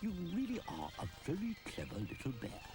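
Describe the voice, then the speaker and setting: A British storyteller voicing an old, wise, kindly male goat who talks in a measured, gently approving way. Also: medium pitch, wildly swooping pitch, music in the background.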